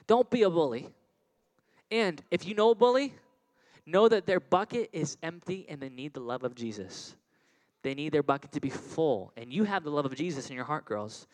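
A man preaching a children's sermon, animated and repetitive, calling out questions for kids to answer. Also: a little high, poor audio. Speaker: children's pastor.

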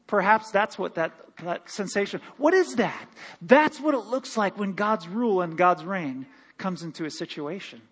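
High-voiced pastor preaching in a reverberant hall. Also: male voice, moderate pace, husky. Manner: animated preaching with laughs and quoted voices. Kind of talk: sermon. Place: church sanctuary.

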